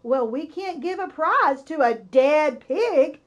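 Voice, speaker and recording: A woman's voice: high voice, lively intonation, measured pace, muffled recording. A woman doing a pompous male fair announcer. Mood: alarmed. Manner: formal, grandiose speechmaking.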